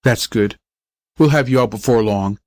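A young college athlete speaks low and gently, muttering through his grief. A man reads him for an audiobook. The voice sits at a middle pitch and the recording is dry. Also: normal speed, no room sound, close to an everyday voice. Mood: tender.

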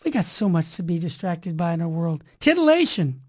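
A woman's voice: lowish voice, big pitch swings, brisk, darkish tone. Emphatic woman hosting religious talk radio. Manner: emphatic, preachy, rhyming slogans. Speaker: radio show host.

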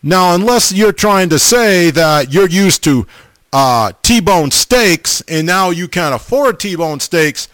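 A middle-aged man casually chatting as a host, reading viewer comments in a folksy, animated way, often repeating himself. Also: sits high, slow pace, dry recording. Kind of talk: casual chat.

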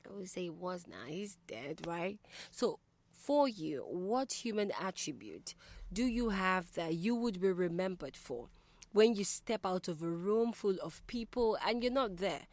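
A woman's voice: medium pitch, lively intonation, a little slow, fairly bright tone, no echo. A woman hosting a call-in radio show, talking in a reflective, conversational way and putting questions to her listeners.

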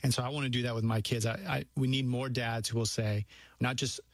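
A man's voice: mid-range voice, steady tone, no echo. Earnest man talking faith and fatherhood. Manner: earnest, preacherly, quick bursts of speech. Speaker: guest speaker on fatherhood. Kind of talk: earnest faith-based conversation.

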